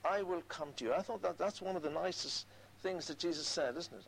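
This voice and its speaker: A man's voice: fairly high pitch, a little fast, creaky, slight background noise, low-quality recording. A man preaching a sermon, earnestly quoting scripture and repeating key phrases for emphasis.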